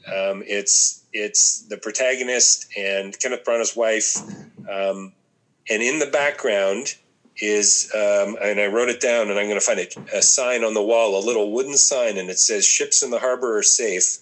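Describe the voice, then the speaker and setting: A man with a very low voice that still carries a bright, forward edge. He muses aloud in relaxed conversation, pausing and restarting as he gathers his thoughts. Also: poor audio. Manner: reflective, thinks aloud with many ums and restarts. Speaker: podcast co-host discussing a film. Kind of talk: casual conversation.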